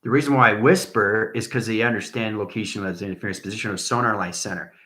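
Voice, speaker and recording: Fast and pushed, his low-leaning voice bright and reverberant, this online spiritual teacher rambles eagerly through his livestream. He circles back over the same points and occasionally drops to a whisper.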